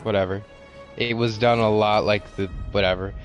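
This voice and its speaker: A man's voice: lowish voice, fairly even intonation, moderate pace, music in the background. Rambling man recapping a show. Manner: rambling, repeats words, swears. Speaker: podcast co-host. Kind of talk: casual chat recapping a show.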